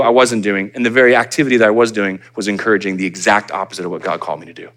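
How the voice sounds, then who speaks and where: A man preaching a sermon as pastor, conversational and animated, acting out little asides for his congregation. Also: fairly low pitch, very fast, few pauses. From United States.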